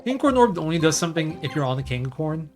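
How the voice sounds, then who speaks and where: A man's voice: a little high, very animated, fast. A man giving casual live commentary on his speedrun, chatting and thinking aloud while he plays. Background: game music.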